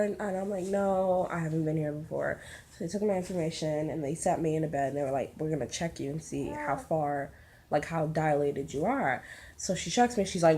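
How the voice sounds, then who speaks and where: A woman's voice: medium pitch, moderate pace. A young woman casually telling a personal story, blunt and profane, acting out what people said. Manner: blunt and profane, acts out quotes with rising excitement. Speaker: vlogger.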